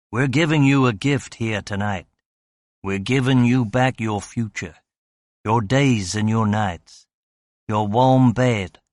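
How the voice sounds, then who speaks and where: A man voicing an older Southern American crime boss with a Southern American accent, speaking slowly with quiet, cold menace. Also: medium pitch, no room sound, clean studio sound, natural voice. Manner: slow, quiet, coldly calm menace.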